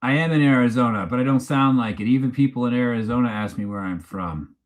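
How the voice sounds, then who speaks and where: A man's voice: mid-range voice, fast. A man hosting a casual live stream, telling a rambling story full of "like"s and greeting viewers from chat. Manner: rambling anecdotal storytelling with filler "like"s; laughs while telling a story.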